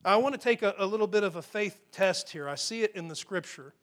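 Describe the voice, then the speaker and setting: A man's voice: high voice, expressive, a little fast. A man preaching a sermon, telling a Bible story with rising and falling emphasis. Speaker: pastor.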